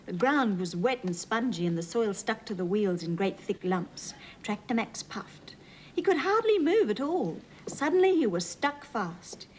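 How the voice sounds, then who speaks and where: Reading a storybook to little kids, an Australian woman sounds gentle and sing-song, like a children's TV presenter, and very animated. She speaks at an ordinary pitch and moderate pace with hardly any pauses, and the poor audio carries a faint hiss.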